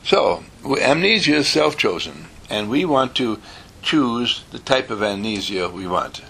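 A man teaching a small group in an informal lesson. He talks in an animated way, repeats phrases for effect and chuckles as he goes. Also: medium pitch, measured pace, gravelly, a little hiss or hum. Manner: animated, repetitive, chuckling asides.

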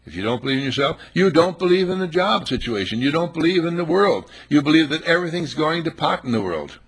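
A man's voice: a little high, big pitch swings, quick pace, husky. A man preaching a sermon, emphatic and full of rhetorical questions, acting out little scenes as he goes.

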